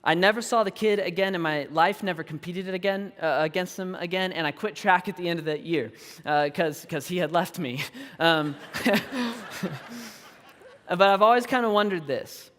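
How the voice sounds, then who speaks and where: Animated man preaching in a reverberant hall. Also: high-pitched, moderate pace. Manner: animated and self-deprecating, laughing often. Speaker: pastor. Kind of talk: storytelling sermon. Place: large church auditorium.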